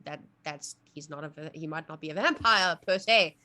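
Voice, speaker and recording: South african woman at a tabletop game, lowish voice, chatty and unsure. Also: moderate pace, pushed and bright. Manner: chatty, hesitant. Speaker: player. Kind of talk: describing her character's actions in a tabletop game.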